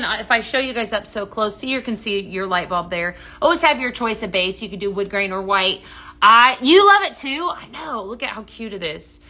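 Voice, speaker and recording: A woman hosting a live shopping stream, chatting bubbly and warmly greeting viewers by name as she shows products. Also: medium pitch. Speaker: live sales host.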